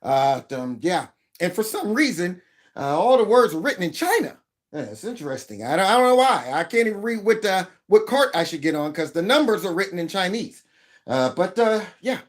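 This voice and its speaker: Animated man reacting to clips. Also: high voice, a little fast. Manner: animated, exclaiming, mock-quoting others. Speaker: commentary channel host. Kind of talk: reaction commentary on video clips.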